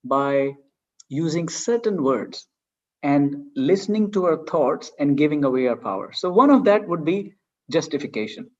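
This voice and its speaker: A man's voice: a little high, animated, moderate pace, darkish tone, lo-fi sound. A man giving an earnest online coaching talk, acting out everyday excuses in little quoted voices. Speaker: leadership coach.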